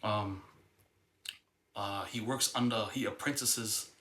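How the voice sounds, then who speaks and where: A man's voice: lowish voice, steady tone, takes it slowly, bright, forceful tone, slight background noise. A young man telling a family history story casually, rambling and hesitant, with many fillers and restarts. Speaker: vlogger. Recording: echoey room.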